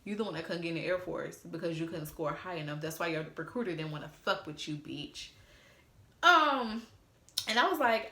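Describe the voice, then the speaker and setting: Speaking directly to viewers, a woman in her twenties gives a sassy, profane, exasperated storytime retelling. Her voice is on the low side, expressive, bright and forceful at normal speed, with a roomy echo around it.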